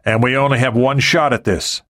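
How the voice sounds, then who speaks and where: A man voicing a steady, decisive male team leader in an audiobook. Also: mid-range voice, normal speed, pitched above the performer's own voice, natural voice.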